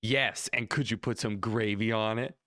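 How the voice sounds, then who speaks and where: A man's voice: fairly low pitch, steady tone, moderate pace, bright, forceful tone. A man, a podcast co-host, playing silly improv comedy scenes with friends in a casual, playful way. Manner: playful, breaks into laughter.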